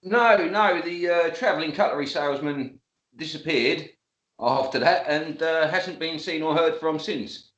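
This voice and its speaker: A man's voice: a little high, a little slow, fairly bright tone, echoey room, highs cut off. A man, telling a story as a guest in casual chat, laughing often and swearing freely.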